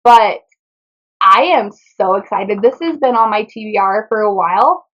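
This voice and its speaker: A woman's voice: medium pitch, moderate pace, a bit bright, muffled recording. A woman chatting casually through a book haul in a rambling way, often tripping over titles and author names. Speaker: book vlogger.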